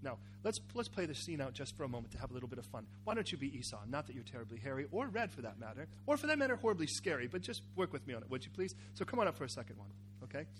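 A man preaching a sermon, acting out a Bible scene with cries, shouts and asides to the congregation. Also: mid-range voice, racing, hardly any pauses, a little hiss or hum. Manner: animated, acts out characters with cries and shouts. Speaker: pastor.

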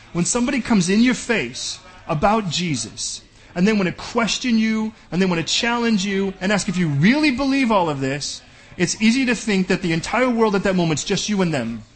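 A man's voice: high-pitched, slightly rough. A man preaching a sermon as pastor, bold and direct, often acting out back-and-forth dialogues.

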